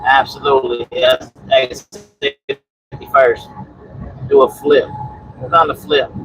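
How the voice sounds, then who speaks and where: A trucker and homesteading livestream host talks slowly from his truck cab, preaching about preparing and answering chat in a repetitive, rambling way with lots of restarts and "you know." His mid-range voice is husky and fairly bright, with fairly even intonation, recorded on a phone mic in low quality.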